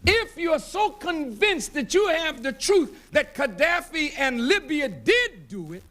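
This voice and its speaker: A man delivering fiery public oratory in a strikingly high voice. He speaks with a preacher-like cadence, slow and deliberate, and swings widely in pitch as his words build to shouts. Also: big pitch swings. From United States. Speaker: award recipient giving a speech. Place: banquet hall at an awards dinner.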